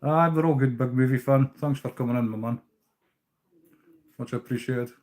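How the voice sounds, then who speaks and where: While tying fishing flies for his live stream, a Scottish man talks casually with viewers, easygoing and sometimes cursing. He speaks at a moderate pace in a steady, mid-range voice that's a little mellow.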